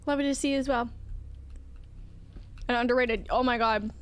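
A woman's voice: on the high side, fairly even intonation, moderate pace, clean tone. Chatty young woman livestreamer. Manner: chatty, soft, gushing and sing-song. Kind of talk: casual chat with viewers while gaming.

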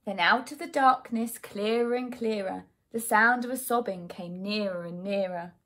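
A woman teacher reading a rhyming picture book aloud to children, with an expressive, sing-song delivery. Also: medium pitch, moderate pace. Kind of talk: children's storybook read-aloud.

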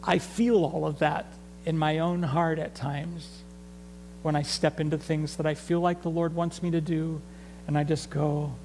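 A high-voiced man preaching slowly. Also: flat delivery, a little mellow, a little hiss or hum, poor audio. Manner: conversational preaching, asks the congregation to respond. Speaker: pastor. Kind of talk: sermon. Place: church sanctuary.

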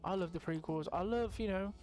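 A young man giving casual, rambling let's-play commentary as a gaming channel host, excitable and swearing freely. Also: sits high, a little fast. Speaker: gaming YouTuber.

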